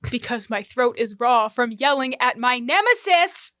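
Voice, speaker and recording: A woman playing a petty, hot-headed immortal man in an improvised comedy scene, ranting in a brash, quick way. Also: a little high, lively intonation, fairly bright tone, dry recording, clean studio sound. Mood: bickering.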